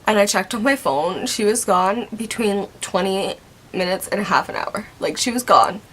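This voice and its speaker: A woman's voice: medium pitch, moderate pace, fairly bright tone, husky. A young woman telling a story in a casual, chatty way. She laughs often and acts out what other people said.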